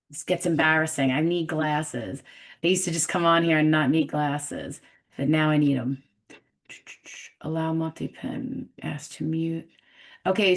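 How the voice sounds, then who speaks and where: A chatty woman with a New York accent, her voice a touch low for a woman. She hosts a live webinar over a video call, talking casually and laughing at herself as she works through the tech. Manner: chatty, self-deprecating, fumbling with tech. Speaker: webinar host.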